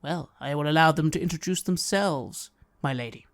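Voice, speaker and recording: A game master voicing a polite male guide who urges the party along in a courteous, brisk way. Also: medium pitch, close to an everyday voice.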